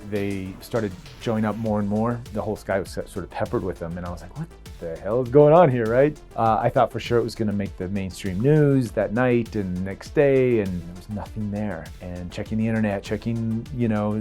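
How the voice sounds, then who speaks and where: A man speaking in a casual, conversational interview, pausing often to think. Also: on the low side, a little mellow. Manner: conversational, with frequent "uh" pauses.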